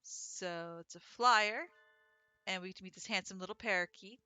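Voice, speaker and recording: A woman's voice: mid-range voice, normal speed, sharp tone, clean tone, soft background music. A woman streaming a visual novel, reading its text aloud and chatting between lines. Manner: chatty, reads dialogue aloud between asides. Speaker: gaming streamer. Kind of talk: let's play commentary, reading game text aloud.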